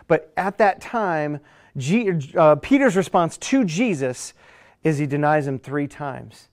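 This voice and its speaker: A middle-aged male pastor preaching a sermon in a conversational way, dropping to a hush and then rising loud. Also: fairly high pitch, animated, takes it slowly. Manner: conversational preacher, dynamic swings from hushed to loud.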